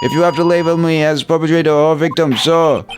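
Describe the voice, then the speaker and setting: A man's voice: fairly high pitch, fairly even intonation, fairly quick, music in the background, voice pushed up, lightly acted. A man voicing a jittery, overly formal young male cop who keeps saying "sir" in a game playthrough. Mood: earnest. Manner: ends sentences with 'sir', earnest and flustered.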